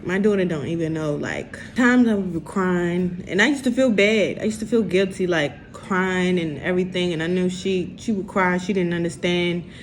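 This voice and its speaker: A young woman, speaking slowly and haltingly in an emotional confessional vlog. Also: on the low side, slight background noise. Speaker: vlogger.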